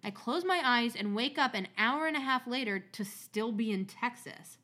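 A woman's voice: on the high side, expressive, normal speed, pushed and bright. Chatty woman reading a story aloud. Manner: chatty, swears freely, laughs at her own asides.

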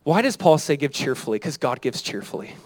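Animated pastor in his thirties, dry sound. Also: mid-range voice, brisk, no room sound, poor audio. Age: 30s. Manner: conversational, animated preaching with frequent "right?" and "Amen?". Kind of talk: sermon.

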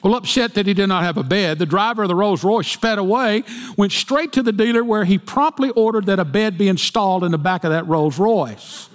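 Preacher in an echoing hall. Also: male voice, sits high, a little fast. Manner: folksy storytelling with jokes. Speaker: pastor. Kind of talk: sermon. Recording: long hall reverb.

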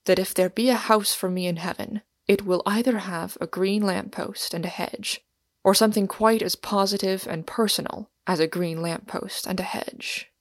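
A woman voicing a solemn, weary male pilgrim in an audiobook reading, speaking gravely and often half-whispering. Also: on the low side, flat delivery, a little slow, dry recording. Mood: vehement.

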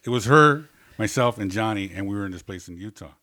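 A man, a comedian and guest on a talk show, telling a story in a loose, animated way, laughing as he acts out what people said. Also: fairly low pitch, fast. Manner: animated anecdote with laughter and acted-out quotes. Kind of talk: casual storytelling.

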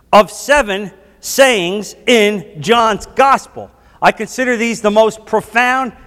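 A man's voice: sits high, a bit bright. A male pastor preaching a sermon with impassioned emphasis, building to emphatic declarations. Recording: long hall reverb.

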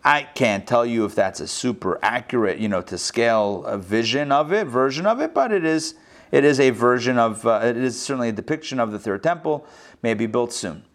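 A man, a rabbi, teaching a class in an animated way, throwing rhetorical questions at his students. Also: medium pitch, a little fast. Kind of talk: interactive lesson.

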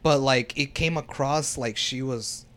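A man's voice: medium pitch, unhurried, a bit bright. A young man telling a story to friends in casual chat, rambling and profane, with lots of "like".

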